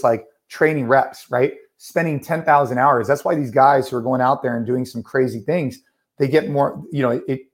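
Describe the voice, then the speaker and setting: A man in his thirties co-hosting a podcast, telling a story casually with many fillers. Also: medium pitch. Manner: animated storyteller, many fillers like "like" and "you know". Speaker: podcast co-host.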